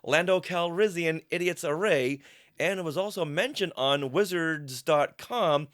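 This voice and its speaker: A man co-hosting a casual podcast, recapping a comic and reading lines aloud with animated, laughing delivery. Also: on the high side, unhurried.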